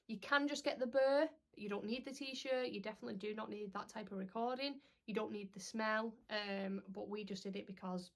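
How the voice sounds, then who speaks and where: A young woman, chatting casually to camera as a parenting vlogger, rambling with lots of "um"s. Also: medium pitch.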